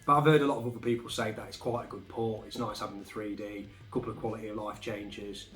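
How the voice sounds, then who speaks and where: A man chatting casually about his game finds, relaxed and rambling with fillers. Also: on the low side, fast talker. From England. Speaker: game collecting vlogger. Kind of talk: casual chat. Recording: echoey room, faint music behind.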